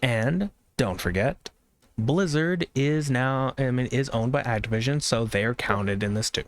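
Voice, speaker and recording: A man's voice: medium pitch, animated, measured pace. A man co-hosting a live stream, chatting casually about games, rambling and swearing freely while he talks to the chat.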